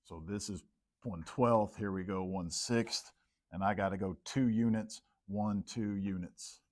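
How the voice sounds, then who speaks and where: A man's voice: lowish voice, steady tone, measured pace, darkish tone. A man teaching a classroom lesson, working problems on the board and calling on students by name. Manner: talking while plotting on the board, quizzing students by name. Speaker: math teacher. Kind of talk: classroom lecture.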